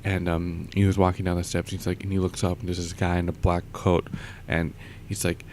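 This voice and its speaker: A man's voice: low-pitched, monotone, fairly quick, darkish tone, slight background noise. A young man vlogging, telling a rambling story in a casual way with lots of fillers and frequent chuckles.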